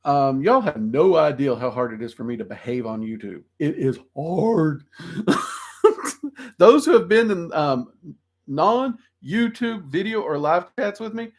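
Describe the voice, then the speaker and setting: A man's voice: on the high side, sing-song, unhurried. A man in his forties with a Southern drawl, casually hosting a livestream, answering viewer questions in a frank, rambling way with many ums. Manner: frank, rambling, with frequent ums and self-deprecating laughs. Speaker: host of occult livestream.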